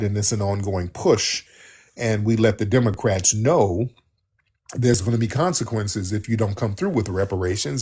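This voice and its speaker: A radio host takes callers on his talk show, answering them with emphatic, animated chatter and lots of repetition. His voice is lowish with a breathy edge.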